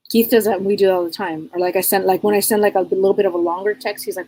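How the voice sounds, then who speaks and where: A middle-aged woman with a husky voice at an ordinary pitch hosts a live psychic advice stream. She talks bluntly and casually, loops back over her words, and keeps asking rhetorical questions. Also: steady tone, racing, few pauses, mellow, low-quality recording. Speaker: psychic reader and show host.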